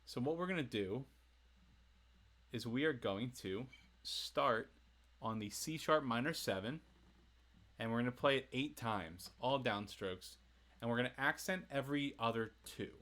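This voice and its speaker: A man's voice: mid-range voice, unhurried, pauses often. A man giving a casual, chatty livestream guitar lesson, talking to viewers and laughing between explanations. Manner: relaxed, chatty, answers chat and laughs often. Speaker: guitarist teaching a song. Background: faint acoustic guitar playing.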